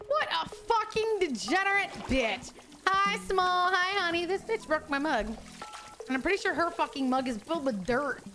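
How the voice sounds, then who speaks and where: A woman's voice: high voice, normal speed, music in the background. A young woman streaming a game, chatting casually with over-the-top, profane outbursts. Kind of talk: casual game livestream chat.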